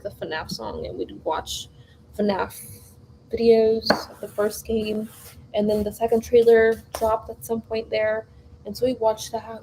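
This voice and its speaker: Young woman, casual baking vlogger, mellow and slightly high, rambling and chatty, faint hiss behind. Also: rough recording. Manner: rambling, animated, lots of fillers and restarts. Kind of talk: casual storytelling while baking. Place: home kitchen.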